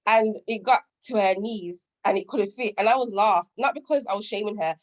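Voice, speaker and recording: A woman's voice: mid-range voice, fairly quick, hardly any pauses, highs cut off. A woman guest telling candid stories from her life, acting out what relatives said. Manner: candid, storytelling, acts out relatives' lines. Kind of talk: casual interview chat.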